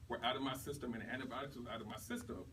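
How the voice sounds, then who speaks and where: A man giving an animated testimonial to a responsive group. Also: mid-range voice, racing. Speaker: testimonial speaker. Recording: distant mic with background noise.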